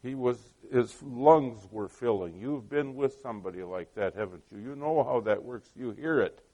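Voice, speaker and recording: A man's voice: mid-range voice, normal speed, dark tone. A middle-aged man preaching a sermon, telling stories in a conversational way with many asides and questions put to the listeners. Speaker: pastor.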